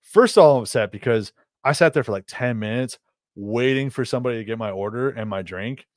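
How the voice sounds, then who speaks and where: A young man co-hosting a podcast, telling a rambling story in an animated, exasperated way. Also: medium pitch, a little fast, no echo, studio quality. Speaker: podcast co-host. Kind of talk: casual storytelling chat.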